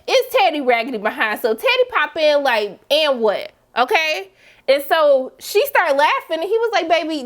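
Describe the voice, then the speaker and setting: A woman giving a sassy, dramatic TV episode recap in casual slang, acting out characters' lines. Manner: sassy, dramatic, voices characters with big pitch jumps. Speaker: TV recap vlogger.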